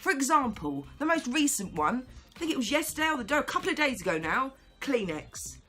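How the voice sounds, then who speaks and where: A woman's voice: sits high, very animated, a little fast, sharp tone. A woman, a vlogger, ranting to camera in an exasperated, sarcastic way and laughing along.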